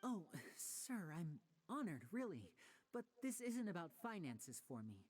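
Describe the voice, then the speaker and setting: An actor voicing a proud, polite young stage magician in a game cutscene, with a formal, smooth, courteous way of talking. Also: male voice, high voice, big pitch swings, unhurried, faint music behind, full character voice.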